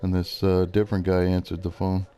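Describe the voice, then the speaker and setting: A man's voice: low voice, monotone, brisk, dark tone. A man ranting in a casual chat while gaming, swearing constantly and retelling an argument line by line.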